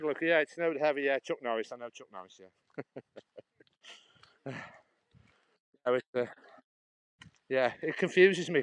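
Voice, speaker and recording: Holding his phone as he walks by a canal, a man from Stoke-on-Trent, England, chats loosely with live viewers, laughing frequently and responding to comments. His medium-pitched voice comes through in a dry recording.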